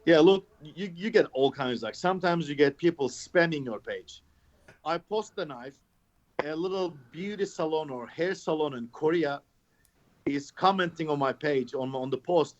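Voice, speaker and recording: A man's voice: a little high, normal speed. A man telling stories in a casual podcast chat, sarcastic and swearing often. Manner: sarcastic storyteller, swears a lot. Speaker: knifemaker, podcast guest. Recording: dull lo-fi podcast recording.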